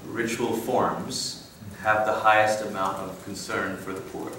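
A man's voice: fairly low pitch, level tone, unhurried, a bit bright, a little hiss or hum. Conversational man in a roomy hall. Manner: conversational, self-interrupting, wry asides. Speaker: conference speaker. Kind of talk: church conference talk. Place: large room. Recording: echoey room, mic at a distance.

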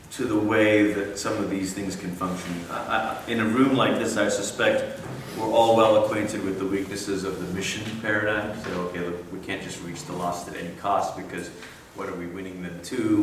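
A man with a deep, slightly bright voice addresses a large room at a church conference, keeping things conversational and wry and often stepping aside for tangents. The mic sits at a distance in the echoey space, picking up a little hiss or hum.

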